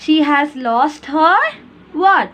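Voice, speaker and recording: A woman's voice: high voice, lively intonation, slow pace, fairly bright tone. A woman teacher with an Indian English accent, giving a recorded class lesson for young children and reading a story aloud, checking in patiently with repeated questions.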